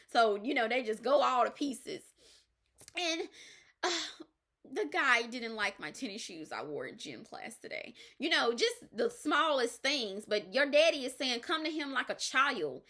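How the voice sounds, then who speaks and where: A woman's voice: a little high, bright, forceful tone. A woman life coach, giving an emphatic faith-based pep talk and often checking in with "all right?".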